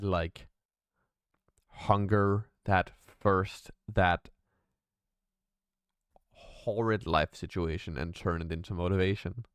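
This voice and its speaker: A man's voice: sits low, animated, measured pace, pauses often, fairly bright tone, clean tone, dry recording, clean studio sound. A man hosting a music reaction video, talking through his thoughts in a searching, casual way and swearing freely.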